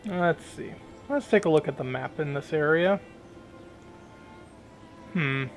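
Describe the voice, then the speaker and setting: Brief: man hosting a let's play, quiet, hesitant, gravelly, slightly high voice. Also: slow, faint music behind, low-quality recording. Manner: soft-spoken, hesitant with fillers. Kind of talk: casual game commentary.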